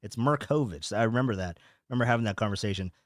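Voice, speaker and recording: Talking very fast in a lowish voice, a young man hosts a relaxed podcast livestream from his home streaming rig. He rambles, repeats points and reads viewers' chat comments aloud, all in a dry, clean studio recording.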